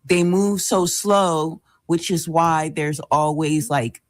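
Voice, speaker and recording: A woman with a very low voice co-hosting a morning radio show. She explains things in a relaxed way with hesitant "um"s, recorded close and dry in a studio. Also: slow, no room sound. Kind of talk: casual chat.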